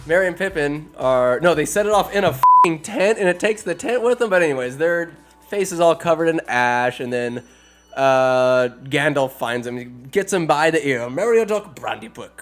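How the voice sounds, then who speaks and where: A man's voice: on the high side, lively intonation, moderate pace, fairly bright tone, faint music behind. A man hosting a podcast, giving a crude, rambling and irreverent comedic movie recap. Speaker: podcast host.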